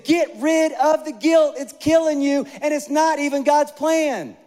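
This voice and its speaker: A middle-aged man preaching a sermon, animated and conversational, with self-deprecating humor. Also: very high-pitched, a little slow, long reverb tail. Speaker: pastor.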